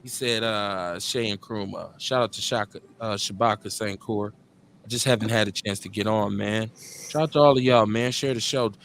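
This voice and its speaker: A middle-aged man with a Midwestern US accent, hosting a live call-in show in a relaxed, slangy way and repeating his phrases. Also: lowish voice, normal speed, slight background noise. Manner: laid-back, slangy, drawls and repeats phrases. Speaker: radio show host.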